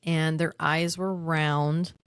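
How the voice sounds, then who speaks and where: A woman co-hosting a paranormal podcast in casual chat, recounting a witness story in a halting way with frequent restarts. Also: low voice, little pitch movement, clean tone, no echo, studio quality. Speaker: podcast co-host.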